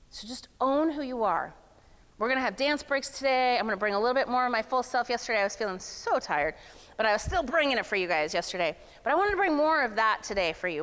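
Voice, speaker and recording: Energetic woman speaker in a reverberant hall. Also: fairly high pitch. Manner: lively, demonstrates voices, casual and playful. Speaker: speaker at a summit. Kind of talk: energetic motivational workshop talk.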